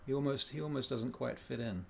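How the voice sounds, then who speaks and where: A man's voice: medium pitch, brisk, vocal fry, a little hiss or hum. A man narrating a tabletop game as game master, setting scenes in a matter-of-fact way.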